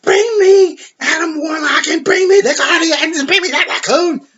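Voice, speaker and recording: Man playing a screaming cartoon villain, shrill, much higher, over the top, dull lo-fi audio. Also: normal speed, fairly bright tone. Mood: raging. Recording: dull lo-fi recording.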